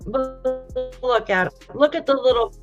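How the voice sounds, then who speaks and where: In a high voice at a slow pace, a woman hosting a true crime livestream speaks straight to her viewers, greets the chat, and reads posts aloud casually. Emotional and sighing often, she sounds on the verge of tears. Faint music plays under the dull, lo-fi stream audio.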